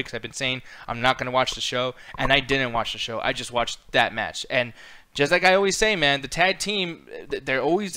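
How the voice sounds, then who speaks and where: Guy talking real fast and loud about a show, swears a lot, bright tense voice. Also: medium pitch. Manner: heavy swearing, ranting. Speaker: co-host. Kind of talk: casual wrestling review chat.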